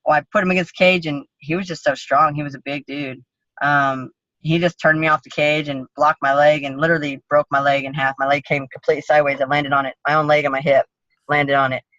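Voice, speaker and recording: A woman's voice: deep voice, level tone, fast talker, a bit bright, no echo. A woman MMA fighter guest telling a story in a blunt, profane, vivid way in a casual interview. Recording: dull lo-fi sound.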